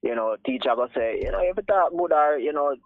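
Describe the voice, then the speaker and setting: A man with a Jamaican accent calls in to a radio show, and his voice comes through a tinny phone line. He speaks earnestly and with emphasis, moving between patois and English in a slightly higher voice. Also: animated, a little fast, dry recording. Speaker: caller. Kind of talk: casual talk radio call.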